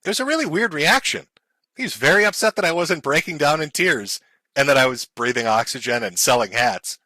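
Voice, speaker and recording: A man's voice: on the high side, animated, a little fast, sharp tone, no room sound. Sarcastic laughing man streaming. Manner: sarcastic, laughing, mock-apologetic. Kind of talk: mocking livestream commentary.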